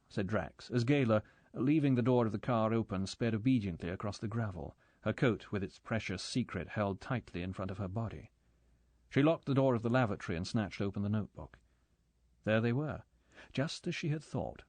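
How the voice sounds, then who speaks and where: A man's voice: on the low side, brisk, a little mellow, no room sound. Man narrating a spy thriller. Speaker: audiobook narrator. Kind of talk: scripted narration.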